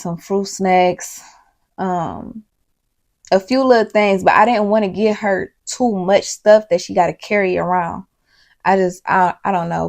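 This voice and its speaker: Speaking straight to her viewers in a casual storytime video, a woman with a low, slightly mellow voice and vocal fry rambles emphatically and swears often. She sounds worked up and worried.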